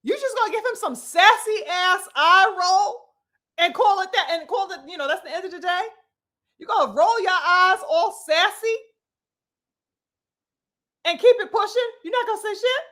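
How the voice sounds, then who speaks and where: Bright high-voiced woman ranting about boxing. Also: moderate pace, pauses often. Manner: animated, profane, addresses viewers as brothers and sisters. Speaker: boxing commentator. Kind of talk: live-stream commentary.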